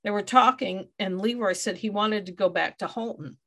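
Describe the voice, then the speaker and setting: A woman's voice: mid-range voice, moderate pace, fairly bright tone. A woman hosting a true crime podcast, reading out case details and adding wry asides. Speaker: podcast host.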